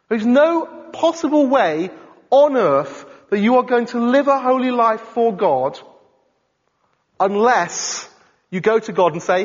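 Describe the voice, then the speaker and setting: A high, lively male voice preaching a sermon, rising and falling as he talks with the congregation and checks that they follow. The sound is dull and carries a long hall reverb. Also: measured pace. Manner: animated, conversational, asks the congregation questions.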